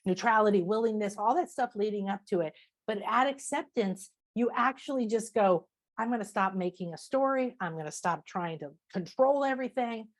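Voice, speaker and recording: A woman spiritual teacher and author, a guest talking in a casual interview, animated and emphatic, repeating phrases and acting out people's inner voices. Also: mid-range voice, normal speed. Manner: animated, acts out inner voices and self-talk.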